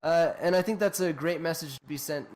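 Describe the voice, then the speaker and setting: A man's voice: fairly high pitch, a little fast, a little mellow, slight background noise. A man from New Mexico co-hosting a podcast in casual, profane chat, laughing often. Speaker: podcast co-host.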